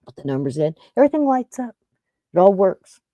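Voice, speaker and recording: A woman's voice: medium pitch, big pitch swings, a little fast, dark tone, dry recording. A woman podcast host telling a funny story in casual chat, acting out both sides of a phone call with jokes.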